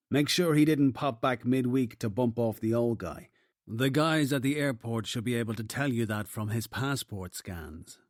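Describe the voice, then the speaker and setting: A man voicing a commanding detective chief giving orders with brisk, dry humour. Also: mid-range voice, darkish tone, dry recording, lightly acted. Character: wry, commanding male detective boss.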